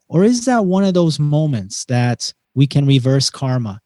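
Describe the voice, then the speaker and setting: A man's voice: on the high side, normal speed, hardly any pauses, dry recording, clean studio sound. A man chatting as a podcast guest, telling stories with emphasis and acting out bits of dialogue. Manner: animated storyteller who acts out dialogue and often says "man". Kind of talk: casual conversation.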